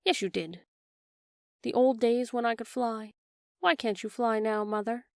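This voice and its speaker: A woman's voice: fairly high pitch, fairly even intonation, unhurried, darkish tone, no echo, clean studio sound. A woman voicing an artful eager little girl. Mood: coaxing.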